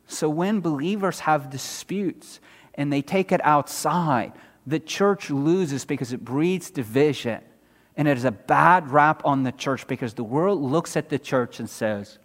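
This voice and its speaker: A man preaching a sermon verse by verse, swinging from loud emphasis down to low, quiet drops, with sarcastic rhetorical questions. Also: big-room sound. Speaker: pastor.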